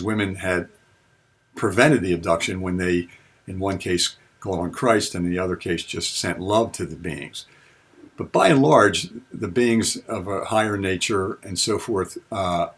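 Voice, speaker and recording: A man giving a spiritual talk, telling personal experiences in an earnest, unhurried way. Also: low voice, a bit bright, slightly rough. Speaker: spiritual teacher.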